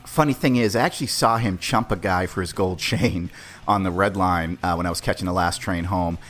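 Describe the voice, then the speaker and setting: A man's voice: deep voice, brisk, a bit bright, soft background music. Profane, chatty storyteller man. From Boston area. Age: 40s. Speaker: podcast host. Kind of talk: casual storytelling.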